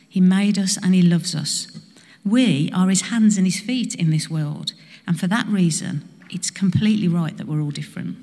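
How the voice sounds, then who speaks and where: A woman's voice: fairly low pitch, darkish tone. A woman preaching a sermon to a congregation, often asking the listeners questions. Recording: reverberant hall.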